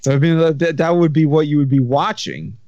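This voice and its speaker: A man's voice: fairly high pitch, expressive, brisk, darkish tone, no room sound. A man hosting a casual podcast chat, telling stories in a rambling, self-interrupting way. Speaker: podcast host. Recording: slightly dull sound.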